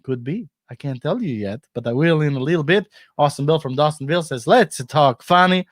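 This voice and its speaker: A man's voice: on the high side, animated, fairly quick, no echo, studio quality. A man hosting a casual live-stream comedy chat, playful and joking, laughing often. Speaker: host.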